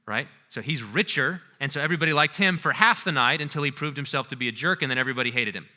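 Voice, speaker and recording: A male lecturer giving a conference talk in an animated, conversational way, acting out scenes as he goes. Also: medium pitch, rapid-fire, few pauses.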